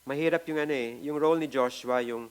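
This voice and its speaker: A man's voice: medium pitch, quick pace, smooth. A man with a Filipino accent preaching a sermon, repeating key phrases for emphasis and often checking in with the congregation. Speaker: pastor.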